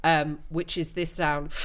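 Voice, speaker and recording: An English woman comedian in casual, playful podcast chat, lively and quick to mimic accents. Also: fairly low pitch. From England. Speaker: guest comedian.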